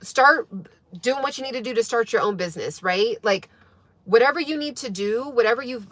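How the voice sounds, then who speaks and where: A woman hosts a casual livestream for her wellness channel, speaking at a moderate pace in a slightly high, expressive, somewhat bright voice with no echo. She talks earnestly to viewers, leaning on fillers and emphasis and often asking "right?"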